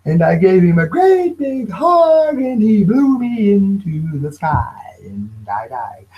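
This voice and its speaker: A man doing an impression of a dazed, oddball male stand-up comic, with a slow, drawn-out comic delivery. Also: sits high, sing-song, lo-fi sound, full character voice. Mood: deadpan.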